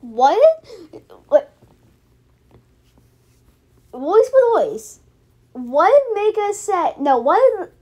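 A young woman giving casual, mocking commentary on a cartoon episode, often stopping and restarting. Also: very high-pitched. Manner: chatty, restarts a lot, mocking. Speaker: reaction video host.

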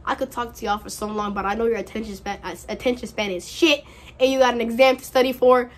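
A young woman in her early twenties talks straight to her viewers in a slightly high voice. Her delivery is slangy and earnest, full of repeated phrases and encouragement, like an easygoing vlog. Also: steady tone, fast. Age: early 20s. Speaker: vlogger giving college advice. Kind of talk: casual direct-to-camera chat.

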